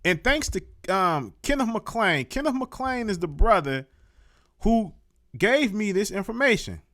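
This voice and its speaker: A man's voice: high-pitched, very animated, a little slow, fairly bright tone, no echo, clean studio sound. A man hosting a live online show, giving casual, profane commentary and repeating words for emphasis.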